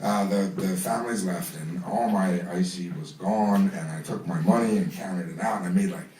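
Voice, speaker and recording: A man's voice: sits low, moderate pace, a little mellow, slight background noise. A man from New telling a true story in front of a live audience, casual and profane, laughing as he talks. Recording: roomy venue mic from a distance.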